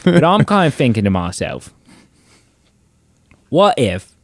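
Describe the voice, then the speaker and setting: A man putting on a lower voice to play an older male butler who gives mild, polite advice. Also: big pitch swings, takes it slowly, no echo, clean studio sound. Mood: coaxing.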